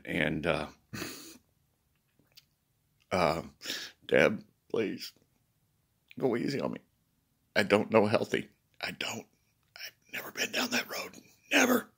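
A man talking casually to viewers, rambling with many restarts and swinging between worried and loud. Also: on the low side, creaky. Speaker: video blogger.

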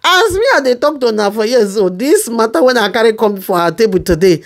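A Nigerian woman hosting gossip commentary in Pidgin, animated and teasing, often breaking into laughter. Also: a little high, fast. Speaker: commentary host.

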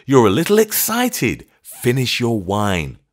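A man doing a bewildered gentleman, voice raised and urgent as he implores. Lively swings in pitch from a storybook reading. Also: slow, exaggerated voice. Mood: pleading, alarmed. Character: alarmed male companion, imploring and bewildered.

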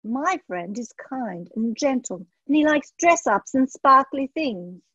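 A feisty young princess from a children's storybook, acted out by a woman reading aloud, firm and emphatic. Her voice is high and a touch husky. The sound is dull and dry. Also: animated, slow pace, fairly bright tone, no room sound, exaggerated voice. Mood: fierce. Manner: spirited and emphatic. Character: bold loud young princess girl.

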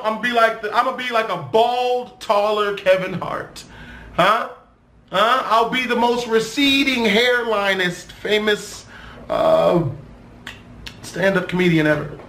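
A young man in an animated, profane, rambling rant as a vlogger talking to camera. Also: high voice, reverberant.

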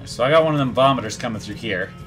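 A man giving gameplay commentary, talking back to game characters in an animated way. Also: medium pitch, rapid-fire, music in the background. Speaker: gaming YouTuber.

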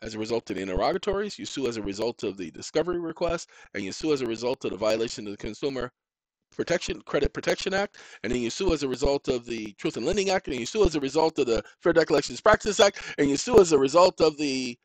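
A man's voice: mid-range voice, animated, quick pace, no room sound, rough recording. A man giving a direct-to-camera lecture on legal self-help, blunt and emphatic, speaking informally and repeating phrases for stress. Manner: informal street-style speech.

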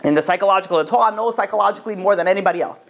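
A man, a rabbi, giving an animated Torah class, often restarting his sentences and acting out the voices he quotes. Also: high voice, racing, vocal fry.

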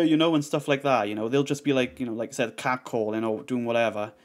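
A man's voice: medium pitch, fairly even intonation, fast, hardly any pauses. A man reacting to a video, heated and swearing, rambling with lots of fillers. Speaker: reaction streamer. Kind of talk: reaction commentary.

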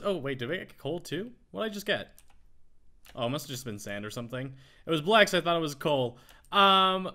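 A man hosting a casual Minecraft let's play, chatting excitedly as he plays and talking to the animals he finds. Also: fairly high pitch, moderate pace. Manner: excitable, talks to in-game animals. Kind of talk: casual gameplay commentary.

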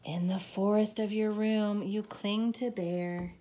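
Storytime host, woman; slow, gentle, expressive picture-book reading that invites kids to join in. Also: mid-range voice. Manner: expressive, gentle read-aloud, asks children to join in.

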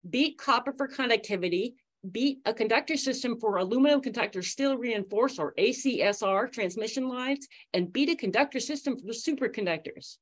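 A woman with a fairly high voice reads prepared remarks announcing competition winners in a webinar. She sounds upbeat and moves through her slides steadily. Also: brisk. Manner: upbeat, reading prepared remarks with light laughs. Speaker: prize announcer.

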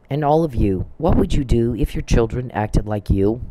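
A man's voice: mid-range voice, animated, normal speed, few pauses, warm tone, a little hiss or hum. A man ranting angrily and accusingly in a profane monologue. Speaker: vlogger. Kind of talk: angry monologue.

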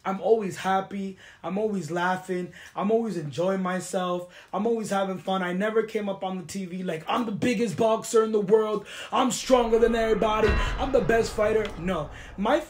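A young woman from the US East Coast hosting a chat show, ranting in a confrontational, animated way and slipping into Spanish phrases. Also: medium pitch. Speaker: podcast host. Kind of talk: heated casual chat.

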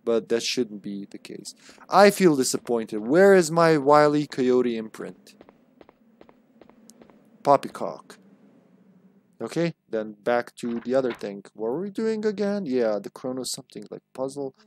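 A man live-streaming a horror game with loose, casual commentary. He jokes, swears freely and slips into playful voices, at a middling pitch. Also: normal speed. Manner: jokey, profane, playful voices.

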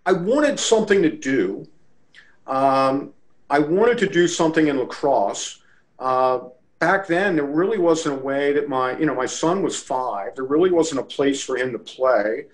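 Animated man telling a story. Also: on the high side, unhurried, poor audio. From Baltimore area. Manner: animated storyteller, acts out quotes. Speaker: interview guest, lacrosse official. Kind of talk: storytelling in a casual interview.

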